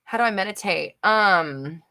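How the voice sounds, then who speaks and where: A young adult woman with a mid-range voice, lively intonation, and a pushed, bright quality speaks unhurriedly as she hosts a live manifestation Q&A. She reads viewer comments and replies in a blunt, emphatic way, full of fillers and casual swearing.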